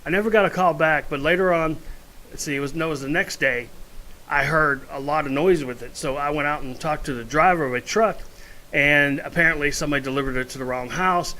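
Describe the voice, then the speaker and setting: A man's voice: fairly high pitch, brisk, pushed and bright, rough recording. A man ranting in a casual opinion vlog from his home, blunt and rambling with asides. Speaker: vlogger.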